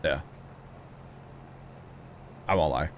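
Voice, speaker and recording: A man's voice: rumbling low, very slow, soft background music. A man with a Missouri accent hosting a gaming livestream, chatting casually and joking with a folksy drawl. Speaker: livestream host. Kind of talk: casual gaming stream chat.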